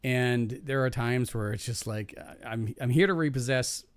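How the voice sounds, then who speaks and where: A man's voice: mid-range voice, normal speed, smooth, no echo. A man in a casual podcast chat, telling profane, rambling stories from his jobs with frequent restarts and laughing at his own punchlines.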